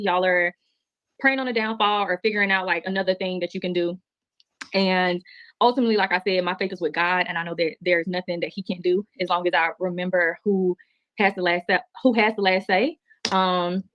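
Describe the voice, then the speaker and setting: A woman's voice: lowish voice, no echo. A woman, talking to her viewers in an emotional, heartfelt, rambling livestream. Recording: muffled, dry replayed stream audio.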